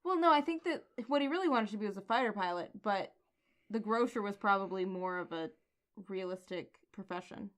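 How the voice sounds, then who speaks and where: A woman's voice: medium pitch, lively intonation, brisk, a bit bright. A woman co-hosting a casual podcast, recapping comics in a playful, amused way. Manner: playful, amused, quotes characters in a light voice. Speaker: podcast co-host.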